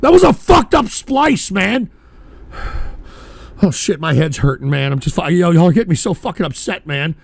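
A man's voice: high-pitched, very animated, moderate pace, gravelly, no echo. A profane, easily riled man hosting a call-in radio show.

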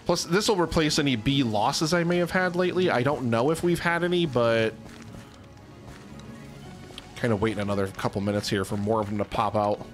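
A man hosting a gaming channel, chatting casually and excitably through his own gameplay and laughing at himself. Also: medium pitch, a little fast, soft background music. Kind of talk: casual let's-play commentary.

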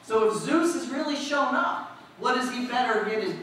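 A woman preacher giving a lively storytelling sermon, asking the congregation questions as she goes. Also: fairly high pitch, normal speed. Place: church. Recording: echoey hall, distant mic, faint noise.

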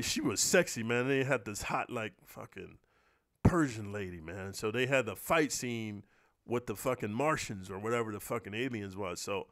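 A man's voice: on the high side, fairly bright tone. A man talking straight to his viewers in a loose, profane vlog rant, swearing constantly and tagging lines with "bro" and "man.". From United States. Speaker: stunt performer and vlogger. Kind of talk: casual profane monologue to camera.

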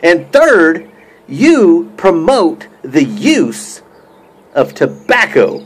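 A man's voice: a little high, huge pitch swings, drawn-out words, slightly rough. A man talking casually to camera in a joking mock roast, rambling with many fillers and restarts. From United States. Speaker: YouTube pipe-smoking vlogger.

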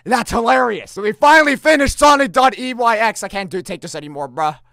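A man hosting a let's-play reaction, jokey and excitable, breaking into shouts. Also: very high voice, fairly quick, gravelly, no room sound. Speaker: gaming channel host.

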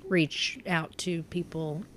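A woman with a low voice, speaking as a guest in a casual podcast conversation. She talks haltingly, restarting and correcting herself as she tries to get her point across. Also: fairly even intonation, fairly bright tone, slight background noise. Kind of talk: casual interview chat.

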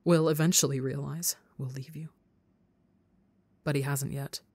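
A woman with a low voice narrates a story podcast, reading with intense feeling. The recording is dry and close, with no room sound. Her delivery swings between hushed and urgent. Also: steady tone, a little slow, husky, no room sound. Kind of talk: audiobook narration of fan fiction.

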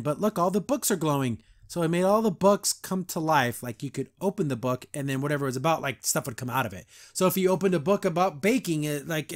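A man hosting a podcast, casually recapping a cartoon episode, rambling with lots of "like" and acting out the lines he quotes. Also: a little high. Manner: rambling, full of "like", acts out quotes.

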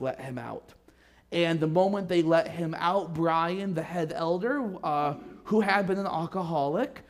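A man preaching a sermon as a pastor, telling a story with dramatic rises and drops in volume. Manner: storytelling with dramatic swings in pitch and loudness. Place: church sanctuary.

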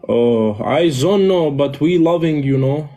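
A man's voice: a little high, measured pace, dark tone. A man calling in to a live stream, talking in playful broken English with a put-on accent.

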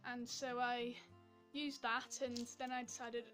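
Giggly high-voiced Welsh woman vlogging. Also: flat delivery, measured pace, fairly bright tone, faint music behind. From Wales. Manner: chatty and giggly, rambling with fillers. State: a little out of breath. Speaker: beauty vlogger. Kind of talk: casual chat to camera.

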